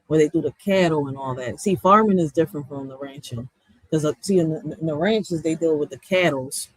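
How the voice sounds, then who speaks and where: A young man from the US East Coast streams and answers his chat, rambling casually with slang and lots of laughter. His voice is fairly high, a little fast, and breathy, on a dry, low-quality recording.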